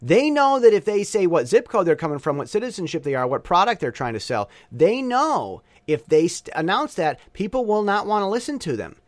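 Man, lively swooping voice, slightly high, opinionated casual vlog rant, dry close sound. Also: fairly quick, hardly any pauses, no echo. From Southern Taiwan. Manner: animated, opinionated, stop-and-start rambling. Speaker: vlogger.

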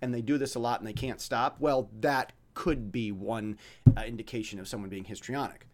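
A man's voice: medium pitch, fairly even intonation, a little fast, noisy background. A man hosting a podcast, talking in a rambling, blunt monologue full of stammers and restarts. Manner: mimics dramatic voices when illustrating points. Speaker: podcast host.

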